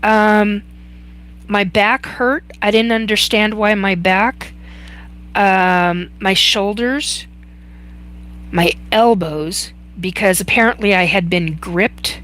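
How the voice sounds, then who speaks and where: Slow-talking woman, halting personal story. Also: mid-range voice, fairly even intonation, a bit bright. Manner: halting, many fillers and restarts. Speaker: host. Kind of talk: personal storytelling on a live chat.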